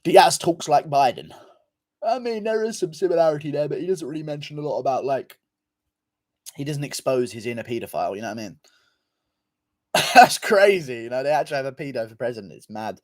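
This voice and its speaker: A man's voice: medium pitch, brisk, no room sound. A man hosting a casual livestream, reading viewer comments in a loose, offhand manner and swearing freely. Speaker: livestream host.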